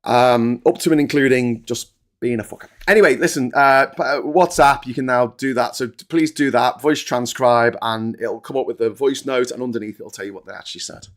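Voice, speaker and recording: A man's voice: mid-range voice, a little fast. A man, hosting a casual live-stream chat, ranting and joking with lots of swearing. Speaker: host.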